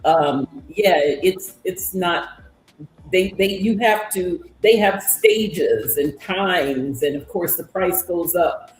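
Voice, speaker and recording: A woman, a guest in an interview, answering hesitantly with many pauses and restarts. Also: fairly low pitch. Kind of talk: casual conversation. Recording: echoey room, faint noise.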